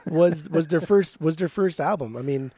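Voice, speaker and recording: A man's voice: fairly high pitch, moderate pace, warm tone, no room sound. A young man co-hosting a podcast in casual chat, swearing freely and ranting with mock outrage at his friend. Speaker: podcast co-host.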